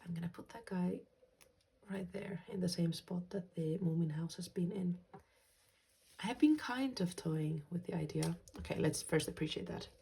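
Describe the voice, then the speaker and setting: A woman from Finland hosting a journaling vlog, talking softly and gently in a casual way and dropping into quiet whispers. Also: on the low side, normal speed, vocal fry, a little hiss or hum. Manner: soft-spoken, gentle, slips into quiet whispers. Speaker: journaling channel host.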